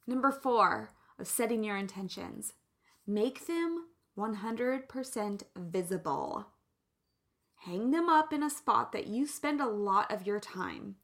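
Slow, bright-voiced woman giving pep advice. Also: mid-range voice, animated. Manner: playful, slow and emphatic, jokey asides. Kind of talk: casual motivational talk.

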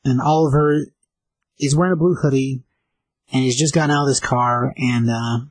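A man retelling a comic story in a loose, rambling way, full of ums and uhs. His voice is slightly husky and plain in pitch. The sound is dry and close, with no room around it. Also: fairly even intonation, no echo, rough recording. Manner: rambling, filler-heavy retelling with quick voices. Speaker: comic book reviewer. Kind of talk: casual comic recap.

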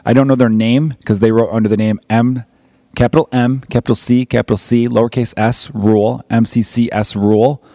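A man's voice: medium pitch, steady tone, fairly quick, warm tone, no echo. Chicago man hosting a podcast: loose, profane, joking, recorded dry and close. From United States. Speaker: podcast host. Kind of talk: casual podcast chat.

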